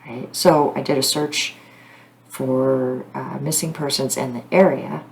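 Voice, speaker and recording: A woman's voice: extremely low pitch, steady tone, unhurried, creaky. A middle-aged woman talking casually to camera as a psychic host, rambling and earnest with frequent fillers and apologies. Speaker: psychic medium channel host.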